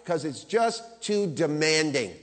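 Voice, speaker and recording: Male pastor, emphatic sermon delivery, voice sits a bit high, long reverb from a big sanctuary. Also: sing-song, takes it slowly. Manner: emphatic preaching, swinging from loud high peaks to low quiet asides. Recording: long reverb of a large hall.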